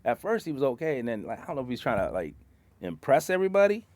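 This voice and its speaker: A man's voice: medium pitch, sing-song, fast talker, darkish tone, no room sound. A man in casual bar talk, telling profane stories about his job as a concrete truck driver and acting out his coworkers.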